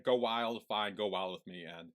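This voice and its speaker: A man's voice: on the low side, normal speed, a bit bright. A man co-hosting a casual podcast, retelling scenes in a chatty storytelling way. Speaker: podcast co-host. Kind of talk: casual recap chat.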